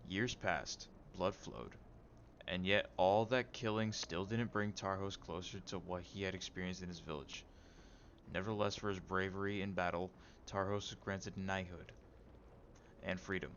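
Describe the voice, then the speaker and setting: Man, game streamer, deep low voice, reading lore aloud, wry asides, stumbles on names, slightly muffled. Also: a bit bright, slight background noise.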